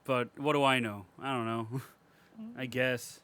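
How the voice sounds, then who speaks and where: A man's voice: mid-range voice, unhurried, slight background noise. A man co-hosting a podcast, retelling a movie in casual chat with profane jokes and laughter. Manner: profane, joking, animated retelling. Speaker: podcast co-host.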